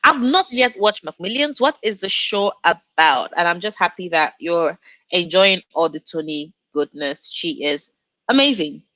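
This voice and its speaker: A woman's voice: lowish voice, animated, unhurried, bright, forceful tone, no room sound, poor audio. A young woman from Nigeria hosting a casual book livestream, reading the chat aloud and gushing back at her viewers. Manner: effusive, reads out chat and gushes, frequent laughs. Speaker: booktube livestream host.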